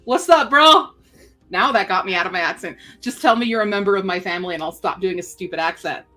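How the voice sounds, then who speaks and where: A woman's voice: on the low side, steady tone, fast talker, pushed and bright. A woman hosting a casual writing-sprint livestream from home, chatting playfully and talking to her pet bird. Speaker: writing sprint stream host.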